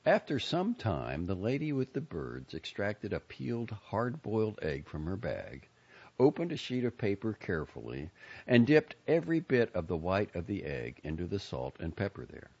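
A man narrating a story in an expressive, character-driven way. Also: lowish voice, normal speed, breathy edge, lo-fi sound. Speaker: audiobook narrator.

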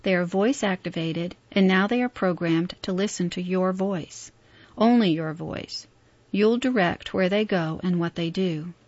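A woman's voice: lowish voice, a little slow, darkish tone, no echo. An eager young male inventor speaks with earnest insistence, voiced by a woman reading a story. The sound is dry and a little muffled, like a plain lo-fi recording.

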